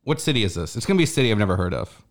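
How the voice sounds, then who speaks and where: Comic podcast host, man in his thirties, joking and animated, pitch leaping all over. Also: racing. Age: 30s. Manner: joking, animated, swears freely. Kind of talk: casual comedic chat.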